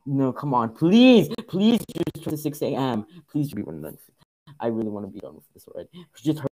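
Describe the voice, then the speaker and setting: A man's voice: mid-range voice, big pitch swings, quick pace, a little mellow, no echo, rough recording. A young man streaming a horror game, thanking followers and repeating himself nervously as he plays. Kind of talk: casual live game commentary.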